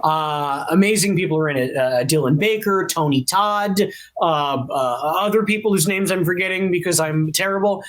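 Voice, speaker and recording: A man with a high voice tells a story on a podcast as a guest. He is animated and talkative. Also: moderate pace. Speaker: actor guest. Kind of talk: podcast interview anecdote.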